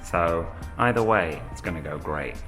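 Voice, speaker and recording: A young British man chatting casually in a travel vlog, relaxed and a little profane. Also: deep voice, normal speed, soft background music.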